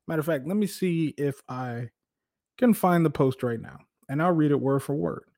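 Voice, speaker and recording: A man hosting a casual sports talk show, animated, laughing often and restarting his sentences. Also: on the high side, moderate pace. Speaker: podcast host.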